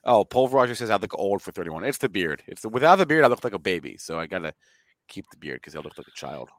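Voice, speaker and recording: A man's voice: lowish voice, very animated, quick pace, dry recording. Man in his early thirties co-hosting. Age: 30s. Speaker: co-host. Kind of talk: casual market chat.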